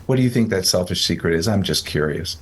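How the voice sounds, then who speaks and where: A man's voice: low-pitched, animated, quick pace, slightly rough. Psych podcast host guy, chatty, trips over his words, cracks little jokes. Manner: rambling, self-correcting, joking. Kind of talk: casual podcast chat.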